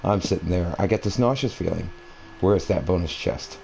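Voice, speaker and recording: A gaming video creator at home talks casually over a console game in a deep, mellow, creaky voice, speaking briskly. He rambles through personal stories, meandering and conversational with lots of fillers and restarts, and the poor-quality audio has a faint hiss.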